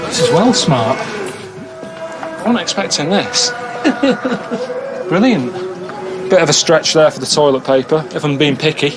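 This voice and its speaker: A deadpan man with a fairly high voice, grumbling and self-pitying as he narrates his trip. Loud music plays under him, and busy streets are heard around him. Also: normal speed, long pauses. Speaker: traveller in a travel documentary. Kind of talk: grumbling documentary monologue.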